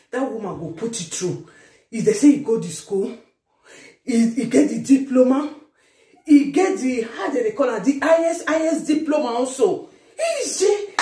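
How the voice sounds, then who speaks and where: Animated Nigerian woman vlogging. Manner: animated, teasing, swings between loud exclamations and low asides. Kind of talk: casual commentary to followers. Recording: echoey room.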